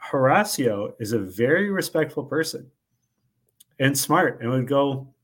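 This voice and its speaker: A man co-hosting a recap show, walking through his reasoning in a measured way. His voice sits at an ordinary middle pitch. He sounds casual and conversational. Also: animated, fairly bright tone, husky. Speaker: podcast co-host.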